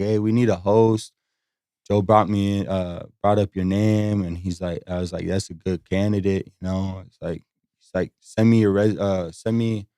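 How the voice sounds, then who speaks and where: A strip club host from Las Vegas guests on a podcast, telling rambling, swear-heavy stories and acting out what other people said. His voice is somewhat low with a dark tone, and the recording is dry and close with no echo.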